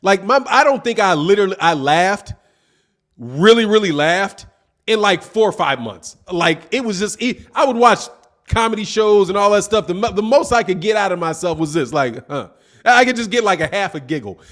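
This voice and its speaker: A man's voice: high voice, expressive, moderate pace, a bit bright. A man hosting a boxing livestream, chatting casually and reading out viewer comments in a loose, slangy way with frequent laughter. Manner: loose, slangy, laughs often, calls people dog.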